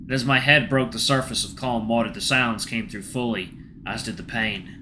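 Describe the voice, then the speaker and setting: A man hosting a gaming channel, reading a game's first-person story aloud in a hushed, tense way. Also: medium pitch, steady tone, normal speed, background noise.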